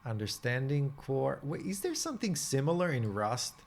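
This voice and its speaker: Man, casual coding vlog, thinks aloud, halting restarts, mid-pitched voice, faint keyboard typing behind. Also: sing-song, gravelly, slight background noise. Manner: reads documentation aloud in quick bursts. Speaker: programmer vlogger.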